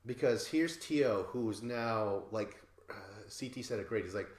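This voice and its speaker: A man co-hosting a podcast, casually recapping a reality show in a lively way and imitating the cast members. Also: fairly low pitch, a little slow, reverberant, slight background noise. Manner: animated, mimics cast members with laughs. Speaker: podcast co-host.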